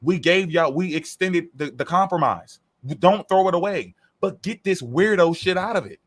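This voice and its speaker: A man's voice: high voice, lively intonation, moderate pace. A man co-hosting a casual talk show, delivering an emphatic, profane rant. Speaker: podcast co-host. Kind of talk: casual group talk, ranting.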